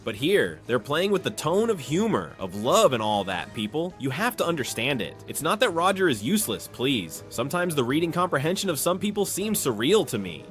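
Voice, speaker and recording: A man giving a chapter recap as a manga commentator, opinionated and quick to scoff at fan theories. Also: on the high side, big pitch swings, fairly bright tone, soft background music.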